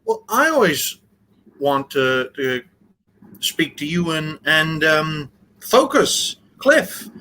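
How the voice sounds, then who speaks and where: A man from Wales, a guest on a casual live stream, talking in a halting way with many restarts and slightly formal phrasing. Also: a little high, big pitch swings, pushed and bright, slight background noise, poor audio.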